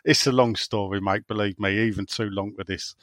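A man's voice: lowish voice, fairly even intonation, brisk, a bit bright, no echo, studio quality. A man from England hosting a casual podcast, reading out listener questions in a rambling, sweary way and laughing often. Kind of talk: casual chat.

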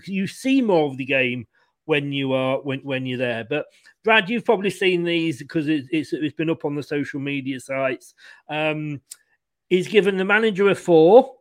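A man hosting a casual live fan stream, chatting quickly and reading out viewer comments. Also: on the high side. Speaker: fan channel host.

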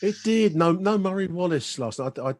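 A man's voice: high-pitched, animated, fairly quick, darkish tone. A man co-hosting a football podcast, chatting casually and often speaking to the listeners. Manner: chatty, addresses listeners, many restarts. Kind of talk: casual chat.

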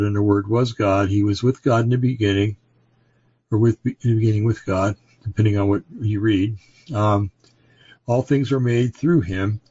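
Podcast host, male, low and husky, reads verses and stumbles through his own commentary, dry dull audio. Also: a little mellow, dry recording. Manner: halting, with many fillers and self-corrections. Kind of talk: reading and commenting on scripture.

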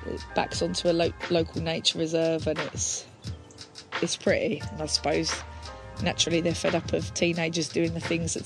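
Chatty Essex woman, slightly out of breath. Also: low voice. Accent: Essex English. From Essex, England. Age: 30s. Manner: chatty, reflective, self-deprecating. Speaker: spoken word poet. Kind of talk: casual spoken explanation of her poem. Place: outdoors on a grassy hill. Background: background music.

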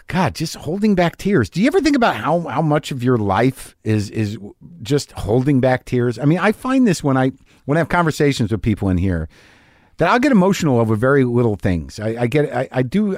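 A man's voice: mid-range voice, big pitch swings, fairly quick, a little mellow, no echo, clean studio sound. A man hosting a podcast, talking in a rambling, confessional, self-deprecating monologue that stammers and restarts when he gets worked up. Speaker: podcast host.

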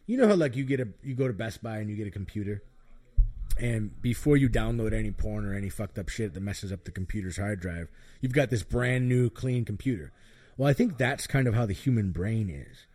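A man's voice: fairly low pitch, a little fast, darkish tone, breathy edge. A middle-aged man telling candid, self-mocking stories in casual chat, rambling with lots of fillers. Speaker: podcast guest storyteller.

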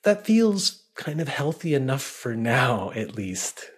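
A man's voice: medium pitch, big pitch swings, slow pace, slightly rough. A man talking candidly and reflectively in a conversation, searching for words with fillers and restarts.

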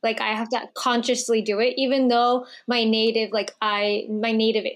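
A woman co-hosting a podcast, explaining her point slowly and thoughtfully in casual chat. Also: on the high side, little pitch movement. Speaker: podcast co-host.

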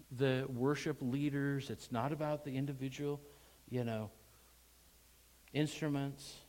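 A man preaching a Sunday sermon, talking with the congregation more than at it. He asks them questions and then rises into loud, emphatic bursts before settling back down. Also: mid-range voice, low-quality recording. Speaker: pastor.

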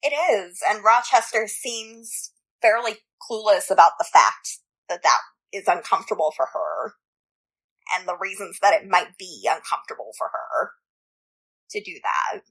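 A woman co-hosting a book podcast, measured and thoughtful in her points. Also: medium pitch, lively intonation, fairly bright tone, breathy edge, rough recording. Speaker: podcast co-host. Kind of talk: casual book discussion.

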